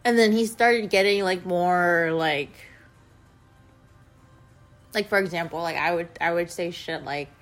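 A woman's voice: fairly low pitch, unhurried, long pauses, soft background music. Rambling young woman, blunt and profane. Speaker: vlogger. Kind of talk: casual storytelling to camera.

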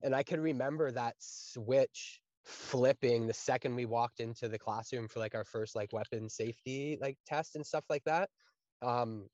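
A man in his thirties from Canada talks earnestly in a relaxed podcast chat. He rambles, circling back with fillers and tag questions. The recording is dry and a little muffled. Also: mid-range voice, no room sound. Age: 30s. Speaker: guest. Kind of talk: casual podcast conversation.

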